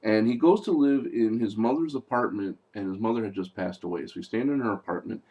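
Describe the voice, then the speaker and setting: A man's voice: fairly low pitch, fairly quick, warm tone, highs cut off. A young man giving a casual, mocking movie review, talking loosely and acting out lines.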